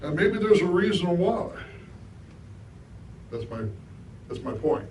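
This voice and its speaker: Speaking slowly in a somewhat high voice, a middle-aged guest speaker offers a relaxed, conversational spiritual talk and frequently asks his audience questions. He's recorded from a distance in an echoing hall with a faint hiss of room noise.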